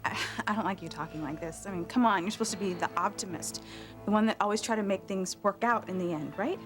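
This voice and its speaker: An actress playing a concerned young friend who pleads quickly. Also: female voice, mid-range voice, music in the background, close to an everyday voice.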